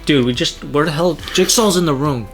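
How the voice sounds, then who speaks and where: A man's voice: a little high, brisk, a bit bright, faint music behind. A man co-hosting a podcast, joking and bantering in casual chat. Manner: joking banter, laughs a lot. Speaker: co-host.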